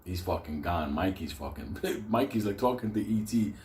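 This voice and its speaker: A man's voice: animated, moderate pace, darkish tone, echoey room. A man telling a rambling, profane comic story about his own past, often breaking into laughter. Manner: profane, laughs often, raises his voice high for quoted lines.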